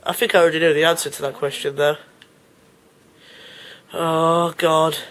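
A man giving excitable, panicky let's play commentary, often laughing and shouting. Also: on the high side, moderate pace, low-quality recording. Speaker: gamer.

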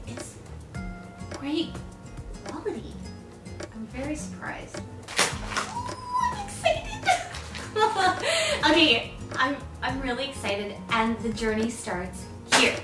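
A woman of thirty in a casual birthday vlog, gushing and gasping with excitement as she unpacks and tries on outfits. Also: high voice, measured pace. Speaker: vlogger. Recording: echoey room, mic at a distance, loud music. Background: music.

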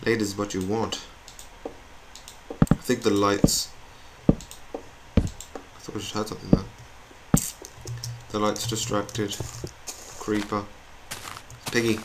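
A young man with a fairly low, level voice talks slowly and pauses often while playing a video game. His gameplay commentary is rambling and self-mocking, recorded noisily at home with keyboard clicks in the background.

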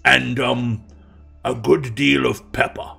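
Male player, florid and theatrical, gravelly voice. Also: mid-range voice, fairly even intonation, takes it slowly, bright, forceful tone, soft background music. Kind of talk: in-character tabletop role-play.

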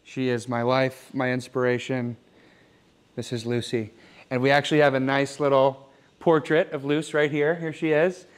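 Young man as a smug rich guy, rambling, boastful, mock-sentimental, mid-pitched voice, comedic home-tour sketch. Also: level tone, normal speed, smooth, close to an everyday voice. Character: smug, oblivious rich young man showing off his loft. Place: apartment loft, walking room to room.

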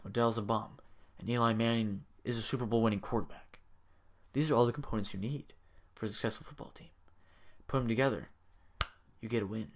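A young man hosting his own video, making casual sports predictions with hyped, energetic bursts. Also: mid-range voice, a little fast. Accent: says he has a strange accent. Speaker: video host.

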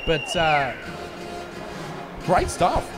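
A man giving fast, jokey play-by-play commentary on a rugby league match from a commentary box. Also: fairly high pitch, over loud music. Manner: rapid, excitable, jokey play-by-play. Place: commentary box at an outdoor ground. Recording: loud crowd and outdoor noise.

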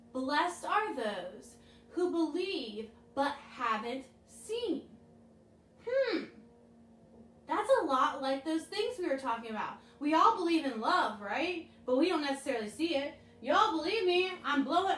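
A woman leading children's chapel, telling a Bible story and slowly modeling lines for the kids to repeat. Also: very high-pitched, slight background noise. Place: room with air freshener. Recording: echoey room, mic at a distance.

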